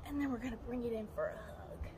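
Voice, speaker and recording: A woman's voice: fairly high pitch, expressive, quick pace, noisy background. Encouraging woman leading kids' yoga. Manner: upbeat, encouraging, counts out loud. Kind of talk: guiding children through yoga moves.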